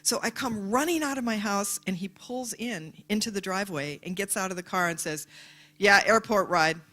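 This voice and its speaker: This woman's voice sits at a medium pitch and moves at a brisk clip. Giving a motivational speech to a live crowd, she animates her stories by acting out each character's lines.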